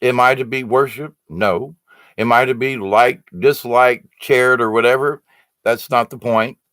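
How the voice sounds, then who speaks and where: A man's voice: medium pitch, fairly even intonation, a little slow, fairly bright tone, dry recording. Earnest rambling man, dry close sound. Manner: rambling, earnest, with restarts and fillers. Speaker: livestream host reading viewer comments. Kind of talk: casual spiritual chat.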